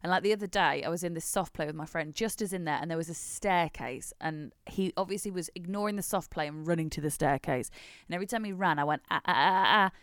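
A woman's voice: fairly low pitch, quick pace, clear, resonant tone, no room sound, studio quality. A woman, co-hosting a casual podcast and relating stories with easy laughter. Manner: relaxed, laughs easily while telling anecdotes. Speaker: podcast co-host. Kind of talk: casual chat.

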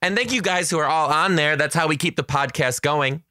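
Upbeat, bright-voiced male podcast host. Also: a little high, a little fast, no echo, studio quality. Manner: upbeat, chatty, playful. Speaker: podcast host and kindergarten teacher. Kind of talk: casual solo podcast chat.

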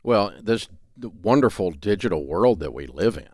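A man's voice: lowish voice, animated, normal speed, darkish tone, no room sound, clean studio sound. A middle-aged man with a Tennessee Southern accent, talking in a folksy, emphatic way as an interview guest. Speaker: guest, radio talk host. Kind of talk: remote interview conversation. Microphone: remote call setup.

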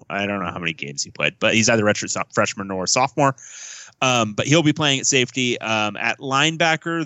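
Guy cohosting a sports pod, bright clear voice, dry close sound, lots of ums. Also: on the low side, no echo. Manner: reads listener mail aloud, then answers at length with fillers. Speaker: podcast co-host. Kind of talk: casual sports podcast chat.

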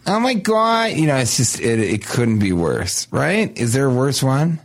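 A man in casual comedic banter on a podcast, crude and sarcastic with a deadpan delivery. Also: mid-range voice, measured pace.

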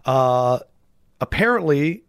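A man's voice: mid-range voice, expressive, slow pace, smooth, no echo, studio quality. A man hosting a sports podcast, chatty, reading out stories and asking his co-host questions. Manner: chatty, leads with questions and reads quotes. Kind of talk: casual sports podcast chat.

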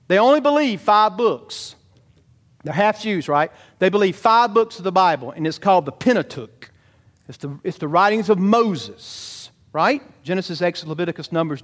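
A man preaches a sermon, animated and lively. He keeps turning to the congregation with rhetorical questions. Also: high-pitched. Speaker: pastor.

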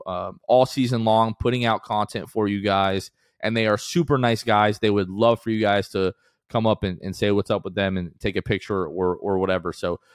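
A man co-hosting a casual sports podcast, his voice sitting on the lower side. He talks in an upbeat, rambling way, full of fillers and restarts. The recording is dry and close, with no room sound. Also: smooth, no room sound. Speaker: podcast co-host.

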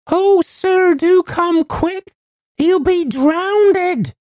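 A man voicing a gushing, apple-cheeked elderly housekeeper woman in a breathless, shrill falsetto. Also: expressive, takes it slowly, gravelly, mellow, no room sound, clean studio sound, heavily acted. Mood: panicked.

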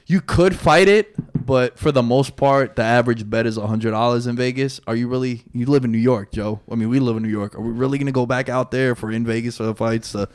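A man's voice: mid-range voice, a little fast, hardly any pauses, clean tone. A man on a casual sports podcast, patiently explaining how betting works. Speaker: podcast co-host.

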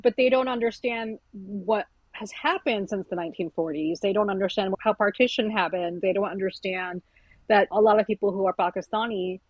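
In a conversational interview, a woman author of South Asian background tells candid, animated stories, voicing quoted asides. She speaks at normal speed in a mid-range voice with a breathy edge; there's no echo, and the high frequencies are cut off.

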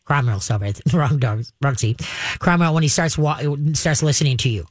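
A woman hosting a call-in show as a dog trainer, giving direct, step-by-step advice to a caller and acting out calm commands, often checking in with "okay?". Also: a bass voice, normal speed, dry recording, clean studio sound. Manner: frequent checks like "okay?" and "all right?".

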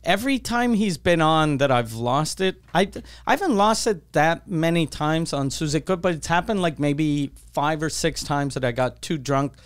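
A man hosting a podcast, telling a story in a casual, animated and profane way, acting out the voices of the people he quotes. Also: fairly high pitch, normal speed, smooth. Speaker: podcast host.

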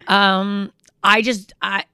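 Blunt, bright-voiced woman podcast co-host. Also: mid-range voice, flat delivery, slow, clean tone, no echo, studio quality. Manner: blunt, profane, wisecracking. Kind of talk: casual chat.

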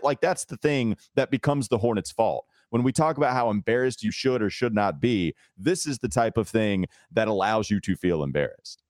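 A man's voice: medium pitch, darkish tone, no echo, clean studio sound. A man hosting a sports podcast, chatting casually and teasing his co-host. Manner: teasing, laughs often, brisk ad reads.

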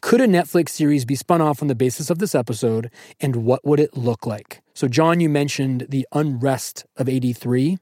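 A man hosting a casual podcast chat, playful and excitable, running the segments from a booth. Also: mid-range voice, normal speed, hardly any pauses, no echo, clean studio sound. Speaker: podcast host.

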